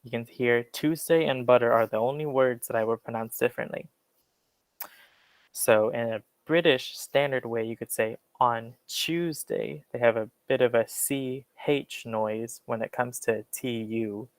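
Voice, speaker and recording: A man's voice: medium pitch, steady tone, normal speed, no room sound, low-quality recording. A young American man giving an online class talk, explaining at an easy pace with lots of fillers. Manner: casual, uses many fillers, explains with examples. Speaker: guest speaker on accents.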